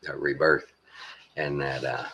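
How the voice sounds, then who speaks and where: A man with a Texan accent talking casually to his viewers, meandering along with lots of pauses and folksy phrasing. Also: very deep voice, level tone, sharp tone. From Texas. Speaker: vlogger. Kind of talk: casual rambling monologue.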